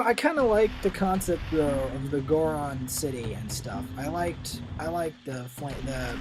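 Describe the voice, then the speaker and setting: A tired gameplay narrator giving casual walkthrough commentary, rambling and offhand as tips drift into asides. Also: mid-range voice. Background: game music.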